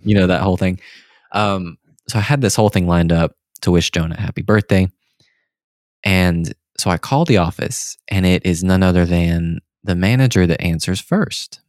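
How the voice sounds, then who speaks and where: A young man co-hosting a podcast in casual chat, telling a story with lively acted-out quotes. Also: low-pitched, normal speed, no room sound, studio quality. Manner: animated storyteller who acts out the people in his stories. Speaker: podcast co-host.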